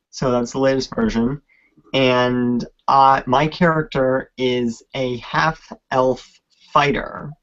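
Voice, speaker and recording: A man on a podcast telling a tabletop game story at a slow, halting pace, full of fillers, on a lo-fi recording. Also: medium pitch, fairly bright tone. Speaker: podcast co-host.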